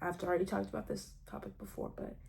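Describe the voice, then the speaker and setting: A woman's voice: on the low side, quick pace, creaky. A young adult woman ranting casually to camera in a vlog, rambling with many fillers and restarts, laughing between phrases. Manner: animated, rambling, many "like" fillers and self-interruptions. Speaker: vlogger.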